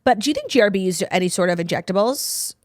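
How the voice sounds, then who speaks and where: Fast-talking gossipy woman podcast host. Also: medium pitch, lively intonation, a little mellow, no echo, clean studio sound. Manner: chatty gossip, many "like" fillers, fast outro read. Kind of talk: casual chat.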